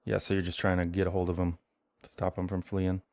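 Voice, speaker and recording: A man with a low voice narrates a tabletop horror game as game master, relaxed and chatty. The recording is dry, close and free of room sound. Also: a little fast, dry recording.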